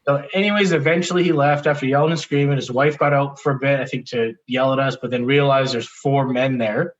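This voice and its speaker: A man being interviewed, telling a personal story in a candid, animated way, often restarting sentences and laughing as he talks. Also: medium pitch, brisk, muffled recording. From Canada. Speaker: interview guest.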